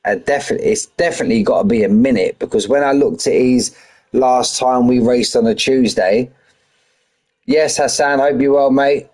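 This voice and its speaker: A man's voice: mid-range voice, moderate pace, darkish tone. A middle-aged man chatting casually on a stream before commentating a sim racing league, full of banter and greeting viewers as mate. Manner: chatty, banter-heavy, greets chat by name, says mate a lot.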